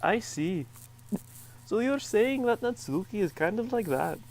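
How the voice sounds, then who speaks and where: A man's voice: high-pitched, lively intonation, measured pace, darkish tone, rough recording. A man reading a game's dialogue aloud as co-host, dry and mock-wounded. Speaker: let's play co-host.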